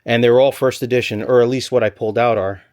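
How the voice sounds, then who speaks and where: A man vlogging from a storage locker, rambling and thinking aloud in an excited stop-start way, a little out of breath. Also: medium pitch, fast talker. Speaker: storage unit reseller. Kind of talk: excited unboxing vlog.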